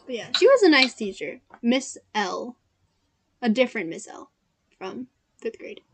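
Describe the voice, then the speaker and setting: A woman's voice: fairly high pitch, very animated, measured pace, a crowd in the background. A young woman chatting casually, telling rambling school stories with lots of fillers and giggles. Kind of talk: casual chat.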